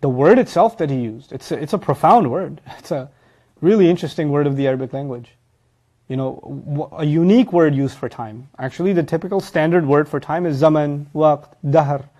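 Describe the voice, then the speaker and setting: A man giving a lecture-style sermon. He recites Arabic phrases and explains them in English, swinging from loud emphasis to quiet asides. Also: on the high side, a little fast. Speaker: preacher teaching Quran.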